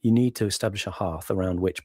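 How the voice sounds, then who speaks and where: Male host, casual video-call chat, low voice, dry sound, enthusiastic and reflective. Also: fast talker, a little mellow, dry recording. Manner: enthusiastic, thoughtful, frequent yeahs. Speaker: show host.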